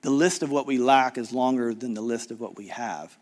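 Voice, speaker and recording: A middle-aged man preaching a conference sermon, swinging from loud urgent emphasis to low hushed appeals and acting out the voices of people in the story. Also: fairly quick. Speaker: guest preacher.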